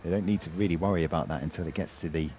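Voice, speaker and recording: A man's voice: low-pitched, racing, mellow, slight background noise. A man doing sports commentary, calling out the scores and the gymnasts' names with a lift in his voice. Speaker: play-by-play commentator.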